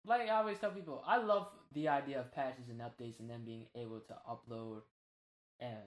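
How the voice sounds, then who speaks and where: A man co-hosting a casual gaming podcast, talking in an animated, slangy way and swearing freely. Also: mid-range voice, a little fast, reverberant. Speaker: podcast co-host.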